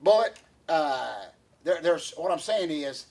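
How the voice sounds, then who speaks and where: A man's voice: a little high, animated, slow pace, darkish tone, slightly rough. A man, co-hosting a casual podcast chat, rambling with lots of fillers and restarts. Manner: rambling, many fillers and restarts, laughs often. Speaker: podcast co-host.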